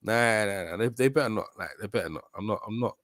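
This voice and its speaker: A man hosting a boxing live stream in casual chat, excitable and repeating himself often. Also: on the low side, fast, no echo, clean studio sound. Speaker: boxing livestream host.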